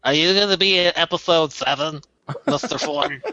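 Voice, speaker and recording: A man's voice: fairly high pitch, normal speed, sharp tone. A man voicing a pedantic, nerdy male fan who hesitantly pesters a movie star with nitpicky questions. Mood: pestering. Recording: slightly dull lo-fi audio.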